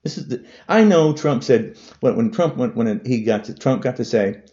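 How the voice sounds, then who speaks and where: A man's voice: expressive, moderate pace, dark tone. Angry guy ranting into his camera, voice jumping all over, muffled lo-fi sound. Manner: heated, repetitive insults, voice swinging high and low. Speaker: vlogger. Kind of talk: angry political rant to camera.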